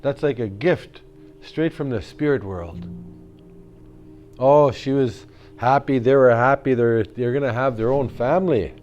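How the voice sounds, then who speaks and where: A man storyteller telling a traditional tale to children, animated, with sound effects and call-and-response teaching words. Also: medium pitch, a little slow, highs cut off, faint music behind.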